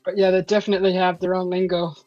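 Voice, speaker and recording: Hosting a casual chat, a woman from California rambles along with many fillers and frequent laughter. She has a fairly low, slightly mellow voice with flat delivery at a quick pace, and there's no room sound. It's dull lo-fi stream audio with faint background music.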